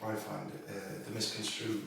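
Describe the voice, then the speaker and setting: A man in casual comedic chat as co-host, halting with fillers and laughing at his own jokes. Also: lowish voice, flat delivery, gravelly, sharp tone, slight background noise. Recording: echoey room, distant mic.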